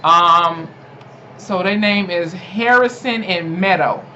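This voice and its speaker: A young adult YouTuber chattily recapping a TV episode, animated and laughing often, with lots of fillers. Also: medium pitch, slow pace. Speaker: TV episode reviewer. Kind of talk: casual spoken episode recap. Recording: dull lo-fi home recording with faint noise.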